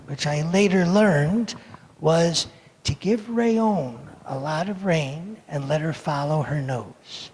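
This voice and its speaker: A man in his seventies from the United States telling a story for all ages in a service, animated and playful as he acts out the moments. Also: a little high, slow pace, slight background noise. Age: 70s. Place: sanctuary. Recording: echoey hall reverb.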